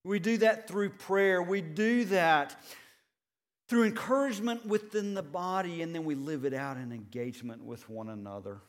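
A man preaching a sermon, earnest and measured, building points with rhetorical questions and repeated phrases. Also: high voice. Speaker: pastor.

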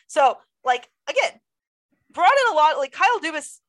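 A woman with a high voice talks sports in a loose podcast chat. She is animated and quick, and she often breaks into laughter and exclamations. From Toronto fan. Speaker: podcast co-host.

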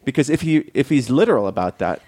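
A man's voice: mid-range voice, expressive, fast, a crowd in the background. A man hosting a casual talk show, joking with his co-hosts and reading out listener messages. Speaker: podcast host. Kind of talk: casual chat.

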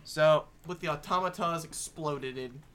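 A game master running a tabletop session, slightly high man. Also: a bit bright, clear, resonant tone. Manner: brisk, profane, self-mocking rulings.

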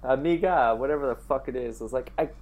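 A man's voice: medium pitch, fast talker. A young man from Canada telling a long story in casual chat, cursing a lot and acting out the people in it. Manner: profane, animated storytelling, mimics other voices.

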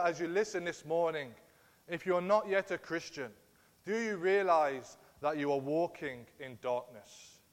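An earnest male preacher delivers a sermon with emphatic conviction, his voice sitting a little higher than most men's. A long reverb trails each phrase, as if he speaks in a large church hall.

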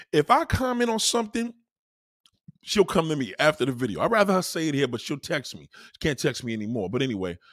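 A husky man ranting heatedly. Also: fairly high pitch, no room sound, clean studio sound. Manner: heated, profane, repetitive ranting. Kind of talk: profane ranting monologue.

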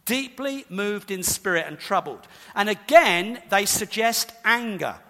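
Male preacher, high and animated, emphatic and repetitive in sermon, echoing hall reverb. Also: measured pace. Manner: emphatic, repeats key points; explains scripture conversationally.

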